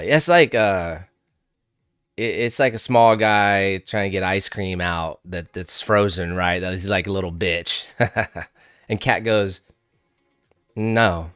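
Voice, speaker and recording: A man's voice: low-pitched, a bit bright, smooth, dry recording, clean studio sound. A young adult man hosting a livestream, chatting in a laid-back, slangy way and laughing often. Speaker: trading livestream host. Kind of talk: casual livestream chat.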